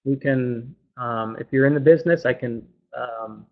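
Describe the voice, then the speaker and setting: A man giving a casual webinar talk through a computer mic, chatty and loose, repeating words and filling pauses with um. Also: medium pitch. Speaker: webinar presenter. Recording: dull lo-fi webinar audio.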